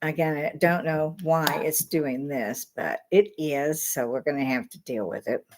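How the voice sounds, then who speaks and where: A woman's voice: low-pitched, a little slow, darkish tone. Blunt, ranting woman streaming from home. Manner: blunt, swears, rants heatedly. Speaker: livestream host. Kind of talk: casual livestream monologue. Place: home bar. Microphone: webcam.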